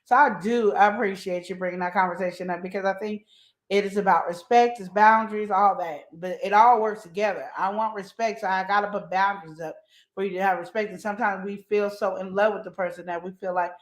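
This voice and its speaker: A woman's voice: medium pitch, fairly even intonation, brisk. A woman hosting a relationship advice show, talking emphatically and acting out the voices of the people she quotes. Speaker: host. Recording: echoey room.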